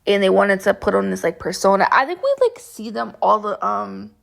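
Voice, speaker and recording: A soft-spoken young woman with a bubbly manner, rambling through a casual storytime with lots of fillers. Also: medium pitch, big pitch swings, fairly quick, vocal fry. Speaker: vlogger.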